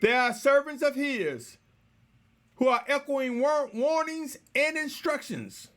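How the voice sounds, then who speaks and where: A man delivering a slow, measured, exhorting sermon, repeatedly addressing his listeners as brothers and sisters. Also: very high voice, expressive, a bit bright. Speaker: preacher.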